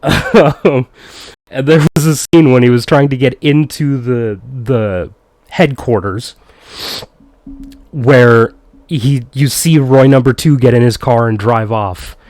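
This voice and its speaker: A man's voice: mid-range voice, slow pace, a little mellow, no echo. A man co-hosting a casual film review chat, recounting scenes and laughing often.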